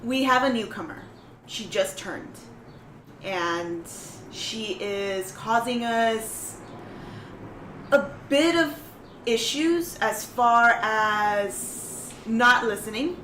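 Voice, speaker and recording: Unhurried woman player in a roomy room. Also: fairly high pitch, recorded from a distance, noisy background. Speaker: player character, pack leader. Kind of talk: tabletop role-play chat.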